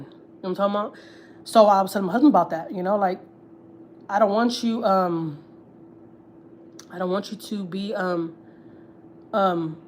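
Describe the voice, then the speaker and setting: A woman's voice: mid-range voice, a little mellow, slight background noise. A woman, chatting casually and swearing freely as host of a gossip livestream, often repeating herself. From Houston, Texas.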